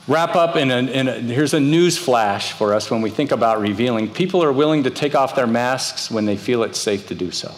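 A man's voice: mid-range voice, expressive, fairly quick, few pauses. Pastor man preaching in a reverberant hall. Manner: storytelling, acts out quoted voices. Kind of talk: sermon. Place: church.

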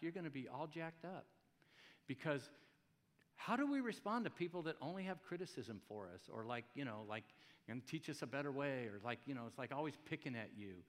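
Male pastor, mid-pitched, chatty and jokey sermon delivery, long hall reverb. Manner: conversational, jokey preaching with rhetorical questions. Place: church hall.

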